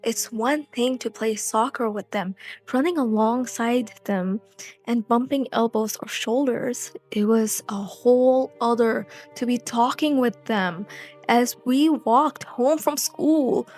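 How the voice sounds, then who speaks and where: A young woman reads a novel aloud for her channel, breaking off into chatty, blunt asides. Her voice sits on the high side. Soft music plays faintly behind her. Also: slow. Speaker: host reading an audiobook. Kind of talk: casual audiobook reading with chatty asides.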